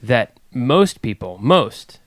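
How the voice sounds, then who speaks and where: A young man co-hosting a podcast, chatting casually and talking in a halting way. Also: medium pitch, very animated. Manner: hesitant, halting, with restarts. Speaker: podcast co-host. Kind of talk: casual chat.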